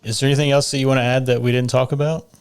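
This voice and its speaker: A man hosting a podcast, asking relaxed questions and encouraging his guest. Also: medium pitch, rapid-fire, clear, resonant tone. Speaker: podcast host. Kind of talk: casual interview.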